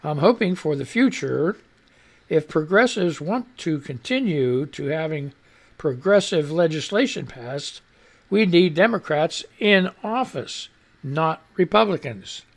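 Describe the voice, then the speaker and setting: A man's voice: a little high, animated, a little slow. Rambling, foul-mouthed male radio host. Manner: rambling and profane, stumbling over words. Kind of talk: casual rambling news commentary.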